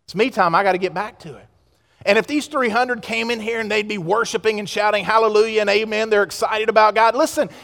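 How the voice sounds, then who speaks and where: High-voiced preacher in echoing hall. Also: male voice, vocal fry. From United States. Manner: impassioned preaching, swinging from loud exhortation to hushed asides. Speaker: pastor. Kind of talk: sermon. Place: church sanctuary. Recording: long reverb of a large hall.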